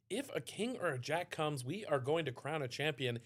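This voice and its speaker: Australian male poker commentator, higher-pitched, lively play-by-play. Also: moderate pace, slightly rough. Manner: chatty, excitable on big hands. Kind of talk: live tournament commentary.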